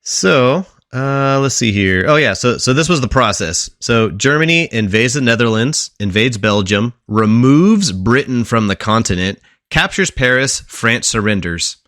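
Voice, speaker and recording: A man's voice: medium pitch, animated, a little slow, few pauses, fairly bright tone, dry recording, clean studio sound. A young man hosting a casual podcast, walking his friends through a history story with lots of fillers and quiz questions. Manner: rambling explainer, asks quiz questions, many fillers and restarts. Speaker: podcast co-host presenting a history segment.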